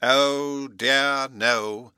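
Reading a storybook aloud, a man voices a fussy, absent-minded old professor who lectures pompously, slow and high-pitched. His delivery is bright and animated, rising and falling a lot, captured dry and close with no room sound.

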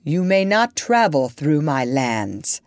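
A proud, commanding king from a storybook, as a woman reading aloud puts him on. The voice sits low and swings widely in pitch, sounding stern and haughty. The recording is close and dry. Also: big pitch swings, slow pace, no room sound, heavily acted.

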